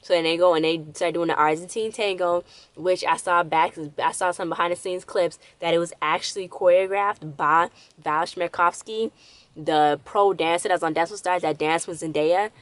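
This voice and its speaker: Low-voiced woman casually recapping an episode. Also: steady tone, moderate pace, clean tone, no echo. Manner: rambling, loose retelling with many fillers and restarts. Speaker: episode reviewer.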